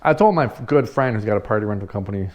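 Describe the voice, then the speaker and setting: Man, party rental owner, casual storytelling, animated, swears a lot, laughs as he talks. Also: lowish voice, racing, lo-fi sound. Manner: animated, swears freely, laughs while telling.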